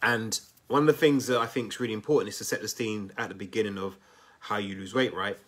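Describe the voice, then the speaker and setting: A man hosting a live coaching stream on weight loss, talking straight to his viewers in a chatty, energetic way and often checking in with "right?" and "okay?". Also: lowish voice, fast.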